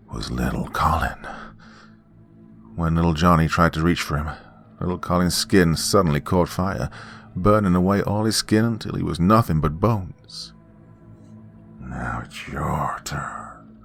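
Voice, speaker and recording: Very deep-voiced man telling campfire horror. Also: vocal fry, a bit bright. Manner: dramatic, folksy, dropping to whispers for suspense. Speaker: horror story narrator.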